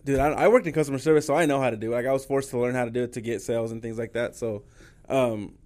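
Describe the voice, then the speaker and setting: Fast-talking laid-back man. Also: medium pitch, fairly even intonation, darkish tone. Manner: quick, upbeat, says "dude" a lot. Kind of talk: casual chat.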